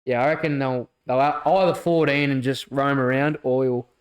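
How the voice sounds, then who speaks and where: A man's voice: medium pitch, fairly even intonation, moderate pace. A man with an Australian accent telling laid-back stories as a guest on a casual podcast. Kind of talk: casual chat.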